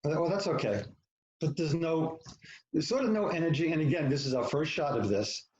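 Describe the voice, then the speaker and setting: A man's voice: on the high side, expressive, a little fast, reverberant, muffled recording, crowd noise. A man talking as a podcast guest, telling a personal story frankly and with profanity, acting out what people said and poking fun at himself. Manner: frank, profane, self-mocking, acts out quoted lines. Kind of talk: candid storytelling in conversation.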